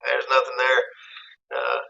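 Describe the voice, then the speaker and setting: A man hosting a casual live-stream chat about fishing, reading out viewer comments in a relaxed way. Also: mid-range voice, measured pace, vocal fry, highs cut off. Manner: easygoing, reads viewer comments aloud.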